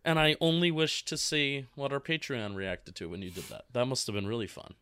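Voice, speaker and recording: A man's voice: medium pitch, fairly even intonation, fairly quick, pushed and bright, clear, resonant tone, dry recording. A man co-hosting a casual sports podcast, telling stories in an easygoing way and laughing along. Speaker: podcast co-host and producer.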